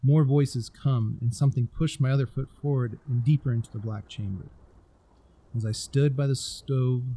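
A man narrating a scary story in a deliberate, storytelling manner. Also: mid-range voice, dark tone, slightly rough, rough recording.

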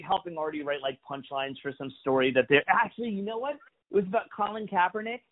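A comedian guest with a New York accent tells a profane, animated story casually, acting out the quotes. His voice is on the high side, and the audio is tinny, phone-like and lo-fi.

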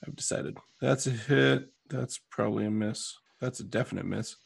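A man running a tabletop game as game master, making rulings in a relaxed, joking way. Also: lowish voice, normal speed, gravelly, husky. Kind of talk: running a tabletop game over a video call.

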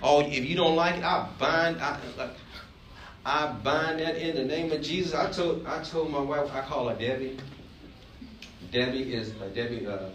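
A man's voice: on the high side, steady tone, normal speed, a bit bright, a little hiss or hum. A man from Alabama, preaching a sermon as pastor, emphatic and joking, asking the congregation questions. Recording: roomy, distant mic, faint ambience.

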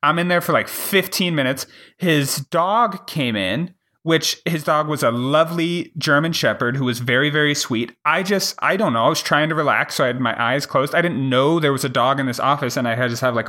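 A man on a casual podcast, telling a story in a profane, animated way and acting out the people in it. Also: mid-range voice, moderate pace. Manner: profane, animated retelling with acted-out quotes. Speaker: podcast co-host.

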